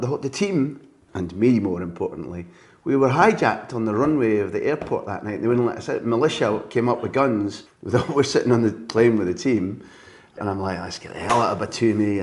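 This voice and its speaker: Man telling lively stories. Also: fairly low pitch. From Scotland. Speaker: football journalist and podcast host. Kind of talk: conversational interview, storytelling.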